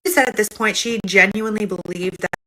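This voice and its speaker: A woman retells a story in a casual, chatty way. She talks fast, at a middle pitch for a woman. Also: pushed and bright, slight background noise, low-quality recording. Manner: casual, chatty, quick delivery. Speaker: host. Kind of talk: storytelling a reader's account.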